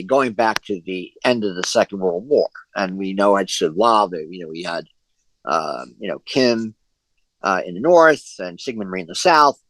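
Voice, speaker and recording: A man leading a group discussion on a video call, his voice on the low side. He talks in long, halting stretches full of fillers and restarted phrases. The sound is dry, with no room echo. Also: a bit bright. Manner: hesitant, many fillers and restarts. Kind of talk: online discussion session.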